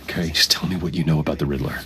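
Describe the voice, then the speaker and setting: An actor playing a composed, wealthy man who stays calm, dry and guarded while probing for answers in a video game. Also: extremely low pitch, rapid-fire.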